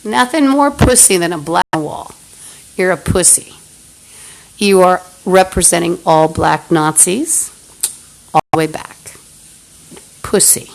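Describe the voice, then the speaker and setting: A woman's voice: on the low side, takes it slowly, creaky, long pauses, low-quality recording. A woman on a phone livestream, hurling profane, hostile abuse at unseen listeners in an angry rant. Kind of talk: angry live-stream rant.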